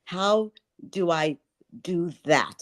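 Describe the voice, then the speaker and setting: A woman in her sixties with a notably low voice talks earnestly as an interview guest. She speaks with conviction and repeats key phrases for emphasis. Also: extremely slow. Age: 60s. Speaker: guest, life and wealth coach. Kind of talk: spiritual interview talk.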